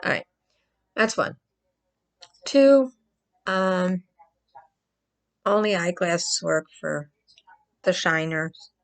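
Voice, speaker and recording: A woman's voice: lowish voice, expressive, very slow, vocal fry, pauses often. A woman vlogger talking to camera in casual commentary, emphatic and prone to repeating herself for stress.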